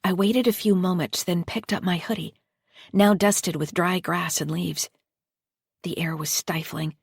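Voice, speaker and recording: A woman with a lowish voice reads a first-person thriller audiobook in a measured, deliberate way. The recording is dry and close, with no room sound. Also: fairly even intonation, gravelly, slightly rough, dry recording. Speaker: audiobook narrator. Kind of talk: scripted narration.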